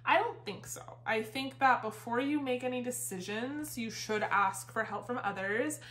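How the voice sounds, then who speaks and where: A woman's voice: fairly high pitch, moderate pace, bright, forceful tone. A woman giving a casual, rambling tarot reading, a little out of breath, with lots of fillers and the odd swear word. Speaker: tarot reader. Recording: roomy echo.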